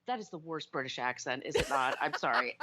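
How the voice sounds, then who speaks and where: A woman co-hosting a podcast, chatting casually about a film with quick opinionated asides. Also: extremely low pitch, sing-song, background noise. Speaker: podcast co-host. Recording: slightly muffled dull podcast mic.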